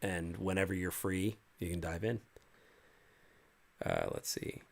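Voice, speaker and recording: A man's voice: deep voice, fairly even intonation, a little slow, vocal fry. A man hosting a casual livestream as game master, reading viewer comments aloud and answering them in a loose, rambling way. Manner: loose and rambling, with many fillers and restarts. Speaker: game master and stream host.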